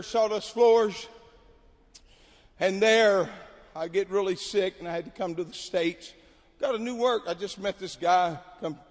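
A man preaching a sermon at a camp meeting, telling stories and building to shouted exhortation. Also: high-pitched. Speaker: pastor. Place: large hall at a camp meeting. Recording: long hall reverb.

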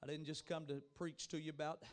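A man preaching a revival sermon as an evangelist, shifting between fervent shouting and soft, low-voiced passages, with repeated calls to the congregation. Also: level tone, fairly quick. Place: church youth rally before a congregation.

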